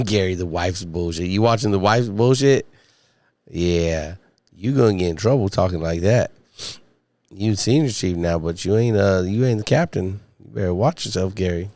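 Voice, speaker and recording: His voice sits low with a darkish tone, moving at a normal speed in a dry recording. As a podcast host on a casual solo livestream, he rambles and swears while talking to viewers, his voice not yet fully back after an illness. He uses a studio mic and podcast mixer.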